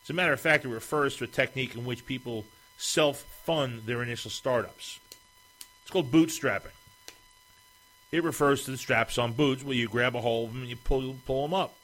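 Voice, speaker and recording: A man's voice: medium pitch, a little fast, fairly bright tone, poor audio. A man hosting an opinion monologue, speaking emphatically and firing off rhetorical questions.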